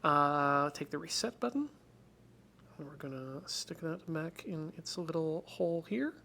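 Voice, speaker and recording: Man, stream host, casual rambling chat, jokey, quiet mutters while focused, bit of faint noise. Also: on the high side, expressive, a little slow, creaky. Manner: rambling, joking, drops to mutters while concentrating. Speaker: stream host doing hardware repair.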